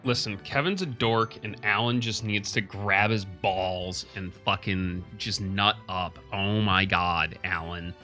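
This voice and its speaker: A man streaming a game with friends, bantering loudly with crude jokes. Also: sits low, slow, hardly any pauses, soft background music. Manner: loud, joking, crude banter. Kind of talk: casual chat.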